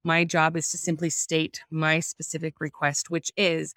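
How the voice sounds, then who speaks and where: A woman's voice: sits low, monotone, a little slow, few pauses, fairly bright tone, dry recording, studio quality. A woman speaking earnestly as a guest about faith and parenting over a video call, reflecting aloud and searching for words. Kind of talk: faith-based parenting talk.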